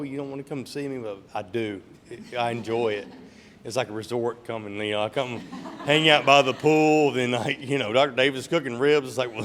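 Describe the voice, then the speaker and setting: A young man giving a heartfelt, rambling rehearsal dinner speech, laughing between lines. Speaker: groom giving a toast. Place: large banquet room at a yacht club. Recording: reverberant hall with faint rumble.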